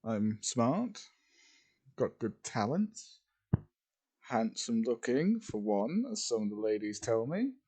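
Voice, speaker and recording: Smug boastful young male wizard as a man reads him, animated pitch, slow pace, fan story reading. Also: slightly rough, full character voice.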